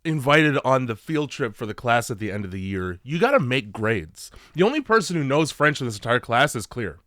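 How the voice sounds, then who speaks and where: A man co-hosting a movie podcast, mocking the film with animated, swearing humor. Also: mid-range voice, fairly quick, dry recording, clean studio sound. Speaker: podcast co-host. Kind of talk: casual movie-review banter.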